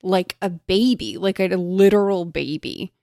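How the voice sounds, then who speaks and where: Creaky-voiced woman, dry close sound. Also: on the low side, measured pace, a little mellow, no echo. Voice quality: blunt and emphatic. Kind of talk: casual chat about a book.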